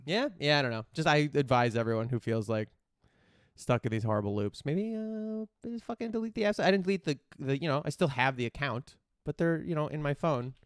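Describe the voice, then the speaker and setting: A podcast host chats in a rambling, candid way and swears casually. His fairly high voice is expressive, brisk and smooth, with clean studio sound and no room echo.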